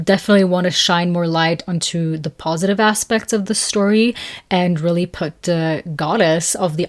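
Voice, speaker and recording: A woman hosting a casual solo talk, chatty and informal, reading aloud from a book at times. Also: fairly low pitch. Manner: chatty and informal, with laughs, fillers and self-corrections. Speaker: astrology channel host.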